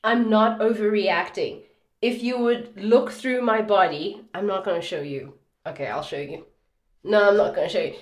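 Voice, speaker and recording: A woman in her thirties chatting casually at home as a beauty vlogger, telling stories in an animated, laughing, dramatic way. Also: mid-range voice, moderate pace. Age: 30s. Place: indoors at home. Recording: roomy echo.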